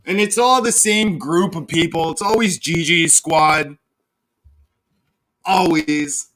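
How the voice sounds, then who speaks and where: A man's voice: fairly high pitch, takes it slowly, a bit bright. A young man from Canada ranting mockingly on a casual livestream, swearing and laughing at his own jabs. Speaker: live streamer.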